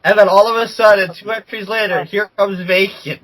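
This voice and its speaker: A man's voice: sits high, fairly even intonation, brisk, fairly bright tone, rough recording. A man co-hosting a casual podcast chat, stammering through restarts and swearing freely. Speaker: commentator and co-host.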